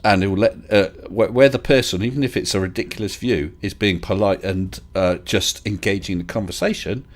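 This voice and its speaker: A man's voice: fairly low pitch, normal speed, hardly any pauses. A man hosting a casual live stream chat, talking in a hesitant, chatty way with restarts and chuckles. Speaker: livestream host.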